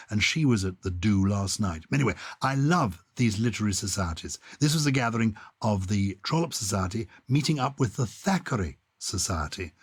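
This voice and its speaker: An older Englishman co-hosts a podcast about words, talking with enthusiasm and often restarting his sentences. His voice sits low and husky. The sound is dry and close. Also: dry recording. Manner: enthusiastic, chatty, with frequent restarts. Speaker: podcast co-host. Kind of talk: casual conversation about words.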